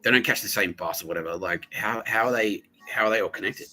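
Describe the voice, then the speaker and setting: A man's voice: on the low side, quick pace, rough recording. A man in his thirties with an Australian accent, hosting a podcast and telling a rambling, profane story in a casual monologue. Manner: rambling, profane, animated quoted voices. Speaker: podcast host.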